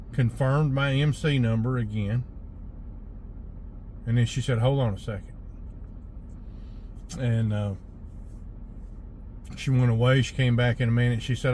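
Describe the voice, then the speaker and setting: A man with a drawl talks through his workday from the cab of his truck, unhurried, with lots of uhs. His voice sits at an ordinary middle pitch. A faint hum of engine and road noise sits underneath. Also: a little mellow. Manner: laid-back drawl, thinking aloud with fillers. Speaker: hotshot truck driver. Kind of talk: casual trucking vlog.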